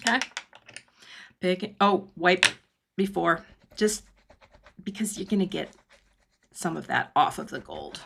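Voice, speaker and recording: A middle-aged woman teaching cardmaking in a live online demo, chatting and laughing often, her voice dropping low when she concentrates. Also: animated, measured pace, vocal fry, long pauses, a bit bright. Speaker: cardmaking instructor. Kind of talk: live online craft demonstration.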